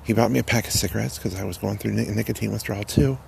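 Deep-ish raspy fry-heavy guy, earnest testimony, stumbles and repeats himself. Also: steady tone, a little mellow, slight background noise. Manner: halting, repeats words, earnest. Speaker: person sharing a recovery story. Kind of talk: personal testimony.

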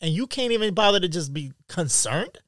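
A young man talks straight into a close mic in a dry, deadened space, his voice sitting a little high for a man. He rants through a profane commentary monologue, jumping from loud outbursts down to low mutters. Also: expressive, brisk, no room sound.

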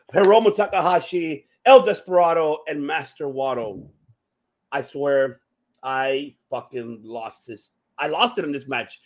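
A man co-hosting a casual wrestling podcast, profane and excitable. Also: mid-range voice. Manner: profane, excitable, shouts in frustration. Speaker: podcast co-host.

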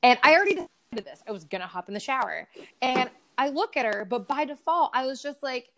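A woman co-hosting a casual podcast, telling stories in an animated, swearing rant. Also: high-pitched, fairly quick. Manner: animated storytelling with frequent swearing. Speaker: podcast co-host. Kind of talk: casual ranting chat.

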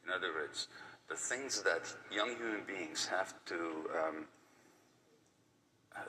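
A man's voice: deep voice, sharp tone. An older man giving an earnest conference talk, stressing and repeating his key points. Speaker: lecturer. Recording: distant mic with faint background noise.

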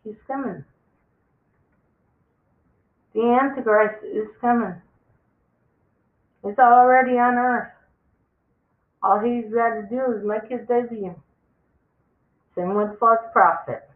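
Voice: mid-range voice, fairly even intonation, slow pace, pauses often. A speaker giving an impassioned end-times warning monologue, emphatic and preachy, repeating words for stress. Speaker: religious vlogger. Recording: tinny phone-like sound in an echoey room.

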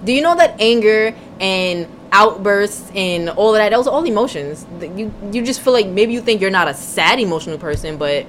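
A young woman trades blunt, slangy remarks in a relaxed podcast chat and laughs easily. Her pitch sits in the middle, and faint background noise is audible. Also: brisk, hardly any pauses. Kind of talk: casual chat.

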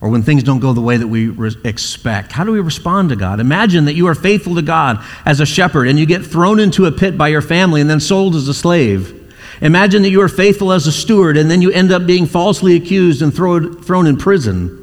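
A man's voice: on the high side, lively intonation, fairly quick, in a large hall. A male pastor preaching a sermon, telling stories and acting out the quoted voices in them.

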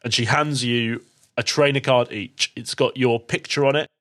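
A man's voice: mid-range voice, steady tone, moderate pace, fairly bright tone. Man running a tabletop game. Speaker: game master.

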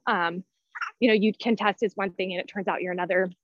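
A woman's voice: mid-range voice, steady tone, fairly quick, no echo. A woman in her thirties, out of breath, chatting casually as a podcast guest with lots of fillers and restarts. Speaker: guest, personality-type teacher. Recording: dull, dry lo-fi sound.

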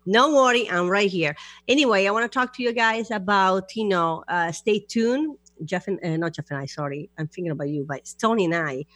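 A woman's voice: medium pitch, fairly quick, a bit bright, no echo. A woman hosting a radio show, chatting casually and laughing easily in broken English.

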